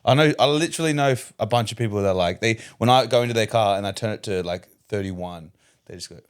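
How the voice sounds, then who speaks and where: A man's voice: on the low side, fast talker, clean tone. A young man co-hosting a podcast in casual chat, rambling with lots of filler words and frequent laughter. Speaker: podcast co-host.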